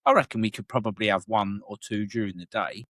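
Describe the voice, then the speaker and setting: A man's voice: on the low side, a little fast, a bit bright, dry recording, clean studio sound. A man co-hosting a wrestling podcast in casual chat, swearing freely and laughing often. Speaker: podcast co-host.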